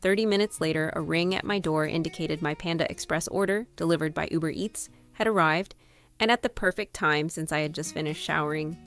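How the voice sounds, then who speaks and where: A woman reads her own novel aloud as an audiobook, in an expressive first-person voice. Her tone sits somewhat low, with faint guitar music underneath. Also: brisk. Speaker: author and narrator. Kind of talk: audiobook narration.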